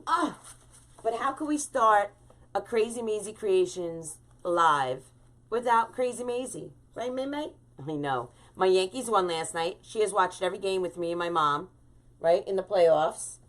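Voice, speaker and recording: A woman's voice: mid-range voice, lively intonation, measured pace. A talkative woman hosting a live-stream wreath-making tutorial, chatting with viewers and greeting them by name.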